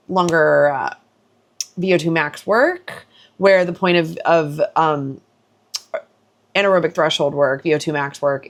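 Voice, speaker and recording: Candid chatty woman running vlogger. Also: sits low. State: worn out after a hard run. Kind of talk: casual vlog chat. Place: outdoors, filming while running.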